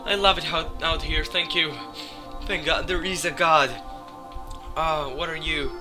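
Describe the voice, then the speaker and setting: Male let's player, hoarse sick voice, slightly high, slow drawl, swears a lot, game music behind. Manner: excitable, swears often, talks to game objects. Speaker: let's play gamer. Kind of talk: casual gameplay commentary.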